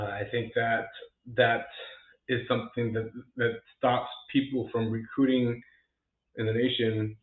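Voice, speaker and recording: A young man talking casually to camera in a vlog, earnest and encouraging, with lots of fillers and restarts. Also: medium pitch. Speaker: realtor vlogger. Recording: echoey room, tinny phone-like sound.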